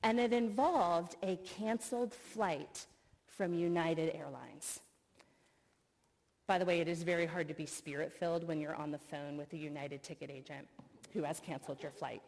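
A middle-aged woman, a professor, giving an earnest sermon full of personal stories and expressive retelling. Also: deep voice, moderate pace. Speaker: speaker, professor. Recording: long reverb of a hall.

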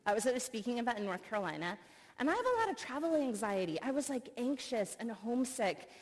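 A middle-aged woman, a professor, giving an earnest sermon full of personal stories and expressive retelling. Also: fairly high pitch, fast talker. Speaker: speaker, professor. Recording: long reverb of a hall.

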